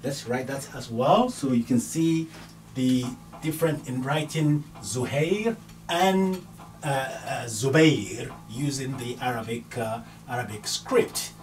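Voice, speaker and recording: A man teaching a beginner's language lesson, repeating words slowly and carefully. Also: medium pitch. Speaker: Arabic teacher. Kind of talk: slow, patient language lesson. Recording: distant mic with faint hum.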